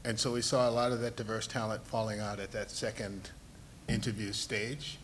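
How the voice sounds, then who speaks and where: A man on a discussion panel gives a considered, earnest answer, pausing to rephrase as he goes. A faint rumble sits under his voice in the room. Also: flat delivery, a bit bright. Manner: earnest, thinking aloud with restarts. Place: municipal building meeting room.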